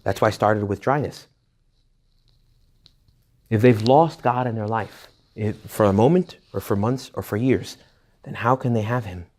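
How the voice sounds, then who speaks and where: A man, a priest, giving an informal retreat talk to young adults, animated and conversational, full of rhetorical questions, jokes and quick asides. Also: lowish voice. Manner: rhetorical questions directed at the audience. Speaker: Catholic priest leading a retreat.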